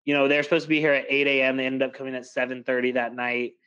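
A man's voice: mid-range voice, completely flat delivery, racing, fairly bright tone, smooth, dull audio. A young man co-hosting a podcast, chatting casually and telling stories, with lots of filler "like". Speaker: podcast co-host. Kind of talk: casual chat.

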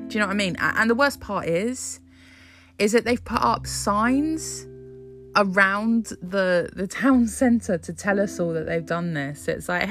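A woman with a low-set voice talks casually and sarcastically, swearing freely and playing up mock excitement. She is from Scotland, and soft guitar music plays faintly behind her. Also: moderate pace. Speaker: vlogger commenting on politics. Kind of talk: casual chat.

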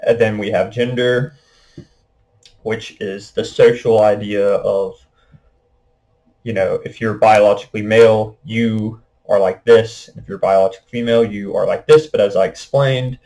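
A man's voice: fairly low pitch, fairly even intonation, normal speed, mellow, low-quality recording. A young man hosting a casual monologue podcast, rambling with lots of fillers. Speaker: podcast host.

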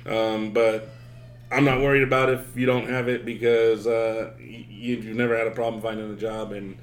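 A man's voice: on the low side, little pitch movement, moderate pace, roomy sound. A man hosting a podcast, telling stories in casual chat, rambling with many fillers and cursing freely, recorded in a hotel room. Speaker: podcast host.

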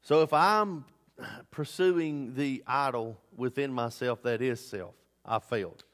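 A man preaching a sermon as pastor, swinging between loud emphatic bursts and low asides. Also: slow. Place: church sanctuary. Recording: long hall reverb.

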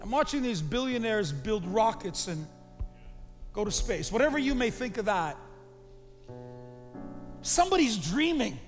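A pastor preaching a sermon, animated and calling the congregation to repeat after him. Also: male voice, very high-pitched, moderate pace. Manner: animated preaching, calls the crowd to repeat lines. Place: church sanctuary. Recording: reverberant hall with faint music.

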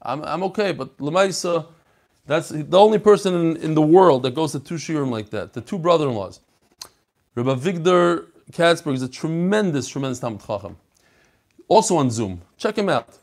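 A man with a slightly higher voice, hosting a Torah class. He tells stories in an animated, chatty way and mixes Hebrew and Yiddish terms into his speech. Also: moderate pace. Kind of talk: casual daf yomi class talk.

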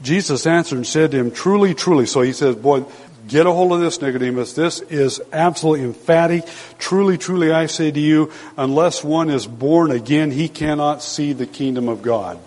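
An older man preaching a sermon as pastor, emphatic, slowing down to stress the scripture he quotes. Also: a little high, a little mellow. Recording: long hall reverb.

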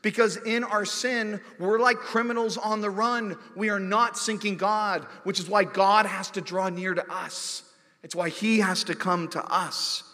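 Guy preaching a sermon, kinda high voice, emphatic, long echo from the big hall. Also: fairly even intonation, a little slow. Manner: emphatic, builds to loud declarations then drops low. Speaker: pastor.

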